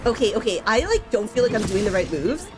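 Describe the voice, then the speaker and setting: A woman's voice: on the high side, sing-song, quick pace, over music. Chatty young woman gaming streamer. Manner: chatty, giggly, lots of "like" and "bro". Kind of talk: casual gaming stream chat.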